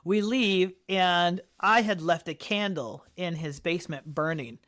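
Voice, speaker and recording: Animated high-voiced man telling a story. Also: unhurried. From Colorado, United States. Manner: animated, acts out quotes with big pitch jumps. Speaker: podcast guest. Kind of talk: casual storytelling interview.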